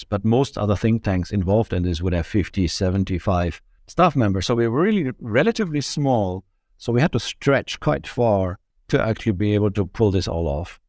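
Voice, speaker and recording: A man speaking as a guest in an interview, giving measured, point-by-point explanations as a think tank director. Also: lowish voice, a little mellow, dry recording, studio quality. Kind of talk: podcast interview answers.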